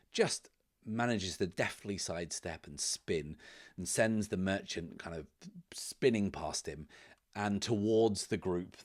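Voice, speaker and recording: A man playing and narrating a solo tabletop game, thinking aloud in a loose, chatty way. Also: low-pitched.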